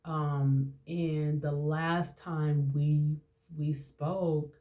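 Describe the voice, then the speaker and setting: Speaking low and flat, drawing out her words, this roughly forty-year-old podcast host has a warm tone. The personal story she tells is candid and emotional, full of repetition.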